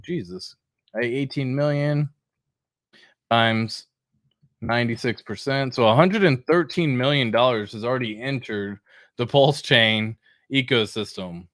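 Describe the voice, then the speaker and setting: A man's voice: mid-range voice, fairly bright tone, no echo, studio quality. A young man hosting a casual crypto livestream, hyped and slangy, greeting viewers by name.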